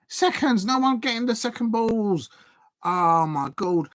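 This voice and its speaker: A man's voice: high-pitched, slow pace, no room sound, clean studio sound. A man hosting a fan watch-along of a football match, chatting and cheering at the action. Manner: excitable, cheers and pleads at the action, chatty asides. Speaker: football fan channel host.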